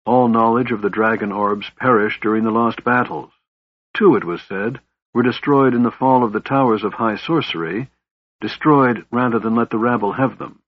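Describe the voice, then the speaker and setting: Raistlin's voice is a frail, sickly young mage, weary and bitter, pitched a little above the reader's own tone, as a man puts him on. The delivery is husky and sits in a flat, dull audiobook recording. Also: moderate pace, no echo, natural voice.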